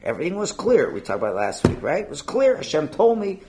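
A man's voice: on the high side, huge pitch swings, quick pace, background noise. A man teaching an informal religious lesson in a conversational way, asking rhetorical questions. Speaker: Torah teacher.

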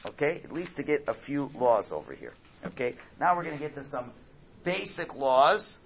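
A man teaching a religious class, explaining slowly, repeating his key points, and often checking in with "right?". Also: medium pitch, big pitch swings, vocal fry, fairly bright tone, a little hiss or hum. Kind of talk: classroom Torah lesson.

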